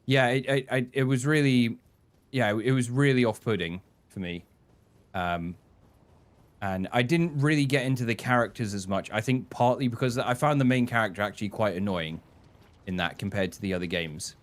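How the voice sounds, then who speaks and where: A man giving rambling live-stream commentary while he plays, swearing and reacting out loud. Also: medium pitch, normal speed. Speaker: gaming streamer.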